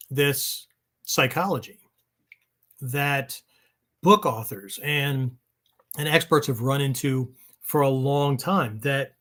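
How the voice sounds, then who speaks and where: A man's voice: medium pitch, fairly bright tone. Rambling man hosting a podcast. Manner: rambling, frequent "right?" check-ins. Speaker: podcast host. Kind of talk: casual spoken podcast monologue.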